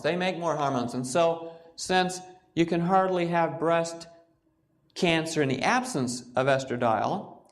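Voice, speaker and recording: A man lectures on health as a physician, with a slightly raised voice. He tells stories in an animated way and acts out what his patients said. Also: on the high side.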